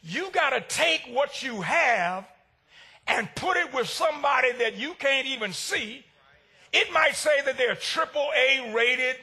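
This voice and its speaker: A male pastor preaching a sermon, swinging between shouted lines and hushed ones. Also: very high voice, lively intonation, measured pace, breathy edge.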